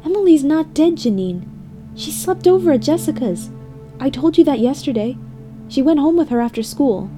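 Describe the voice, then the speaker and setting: A bewildered, gentle husband, as a woman narrator puts him on, soft and puzzled, then earnestly pleading, with music behind him. He stays in a steady middle register. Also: mid-range voice, a little fast, lightly acted. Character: bewildered deluded husband, adult man, gentle.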